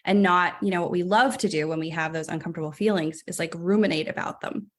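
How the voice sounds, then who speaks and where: In a casual podcast conversation, a woman physician appears as a guest, speaking quickly in a lowish voice with a steady tone. She's chatty and reflective, laughs lightly and often, and says "like" a lot.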